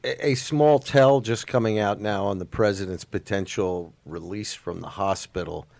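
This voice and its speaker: A lower-pitched man with a gravelly edge reads a news update on a talk radio show. His delivery is measured and informational, and the sound is dry and close. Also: darkish tone, no echo. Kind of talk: reading a news update on air.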